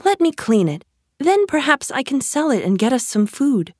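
Fretful storybook mother, as a woman puts her on, raised pitch, dry close sound. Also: sing-song, normal speed, a little mellow, dry recording. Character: worried, poor mother, middle-aged woman.

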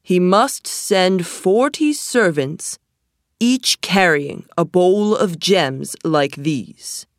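A woman reading a storybook voices a proud sultan who speaks slowly and loudly. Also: lowish voice, animated, no echo, clean studio sound, heavily acted. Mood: commanding. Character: scoffing, booming sultan, older man.

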